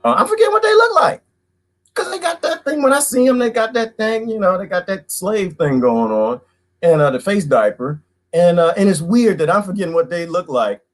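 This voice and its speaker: A man hosts a loose livestream, talking fast and jumping from topic to topic. His voice sits a little high for a man and swings widely in pitch, with frequent laughs and greetings to viewers. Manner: animated, jumps between topics, laughs often, greets viewers. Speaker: livestream host. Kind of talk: casual livestream rant.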